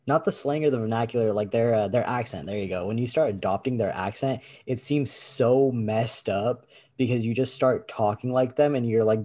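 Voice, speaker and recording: A man's voice: medium pitch, normal speed, hardly any pauses, dark tone. A young man co-hosting a podcast in casual, slangy chat over a video call. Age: young adult. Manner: laid-back, slangy. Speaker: podcast co-host.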